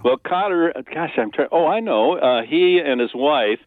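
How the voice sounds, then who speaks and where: An older man from the American Midwest, a playwright guest on a radio interview, telling animated stories and now and then quoting others. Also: a little high, a little slow, no echo, narrow, tinny audio. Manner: animated storyteller, slips into quoted voices.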